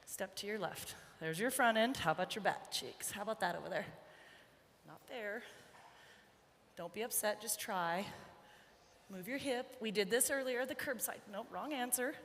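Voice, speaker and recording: A woman horse trainer giving a live riding demonstration, chatting, joking and softly coaxing her young horse. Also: mid-range voice, moderate pace. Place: large indoor arena. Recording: echoey arena with faint background noise.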